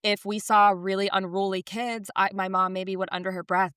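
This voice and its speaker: A woman in her thirties chats on a podcast with a bright, forward tone. She tells stories with lively energy and acts out what others said. The sound is close and dry. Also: mid-range voice, normal speed, smooth, no echo. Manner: animated storytelling, acts out quotes. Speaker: podcast co-host. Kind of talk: casual podcast chat.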